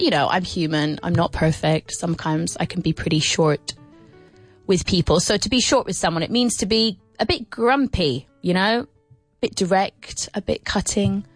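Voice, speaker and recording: A woman's voice: lowish voice, dry recording. A woman hosting a casual radio lesson, chatting and explaining everyday phrases, sometimes spelling words out. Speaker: radio English teacher and show host. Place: radio studio.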